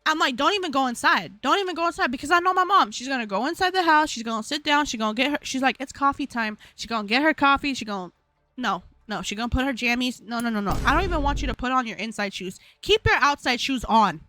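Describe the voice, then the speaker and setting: A young woman hosting a live stream, telling a story in a slangy, animated way and laughing often. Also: high-pitched, fast talker, no echo, faint music behind. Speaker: livestream host.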